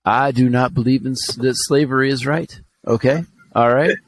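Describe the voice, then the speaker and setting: A man from Alabama co-hosting a podcast in loose, casual chat. He talks bluntly, swears freely and jokes about his own life. His voice sits at an ordinary middle pitch. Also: steady tone, moderate pace. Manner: blunt, profane, joking. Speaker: podcast co-host.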